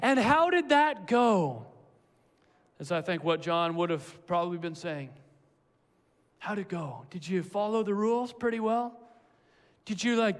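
High-voiced male preacher in a reverberant hall. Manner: earnest, emphatic, repeats phrases. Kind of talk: sermon.

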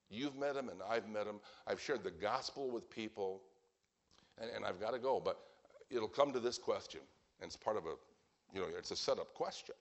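A man preaching a sermon, emphatic and animated, acting out the people he quotes. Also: on the low side. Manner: emphatic, acts out quoted speakers with a lively voice.

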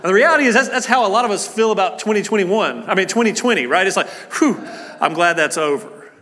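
Bright-voiced male pastor in a reverberant church. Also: high voice, expressive, rapid-fire. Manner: earnest, conversational, many fillers and restarts. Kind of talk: sermon with opening prayer. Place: church service. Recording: long church hall reverb.

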